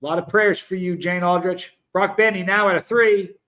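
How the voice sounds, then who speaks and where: A man's voice: high voice, steady tone, moderate pace, fairly bright tone. A man hosting a casual livestream, chatting loosely and reading out viewer comments, often stopping and restarting mid-sentence. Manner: chatty, rambling, self-interrupting. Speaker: livestream host.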